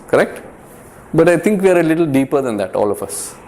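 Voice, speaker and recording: Very animated and brisk, this man's mellow, fairly high voice carries an informal faith talk for a youth group. The delivery is conversational and earnest with light humor, and he frequently repeats words and checks in with his listeners.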